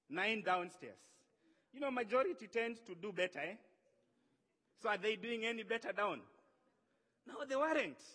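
A high-pitched pastor preaches a sermon in a conversational, animated style, acting out the voices of those he quotes. The recording has a long hall reverb.

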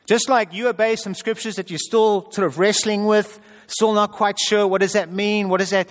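A pastor preaches in a relaxed, conversational way with a dry, wry humor. His voice sits high for a man. It carries the long reverb of a hall. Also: normal speed. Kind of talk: sermon.

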